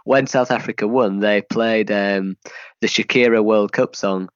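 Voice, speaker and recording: Rambling podcast host. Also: male voice, on the low side, fairly even intonation, measured pace, clean tone, no room sound, highs cut off. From England. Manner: chatty, rambling with many restarts. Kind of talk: casual chat.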